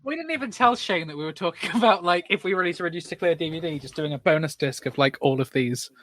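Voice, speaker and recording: A man's voice: a little high, animated, quick pace, fairly bright tone. A man co-hosting a podcast, heckling and teasing playfully through an improvised sketch. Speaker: podcast co-host. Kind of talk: improvised comedy sketch and casual chat.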